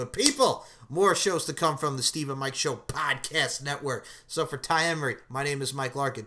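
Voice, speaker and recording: A man's voice: a little high, bright, forceful tone. A man hosting a podcast in a casual, joking way, often laughing and goofing around. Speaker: podcast host.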